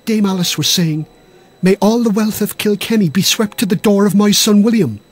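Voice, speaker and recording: A man voicing a spiteful, gossiping village woman who tattles in a hushed, conspiratorial way. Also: high-pitched, moderate pace, husky, voice pushed up. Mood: sly.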